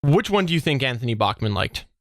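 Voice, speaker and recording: A man hosting a podcast, talking in a casual, animated way and laughing often. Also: medium pitch, fast talker, no room sound, studio quality. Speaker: podcast host.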